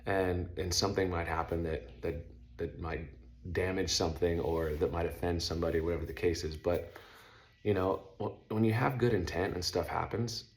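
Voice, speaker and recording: A middle-aged man casually telling a story on his vlog, loose and slangy, breaking into loud sound effects. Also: deep voice, fairly even intonation, moderate pace. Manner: laid-back, uses slang like stoked and dope.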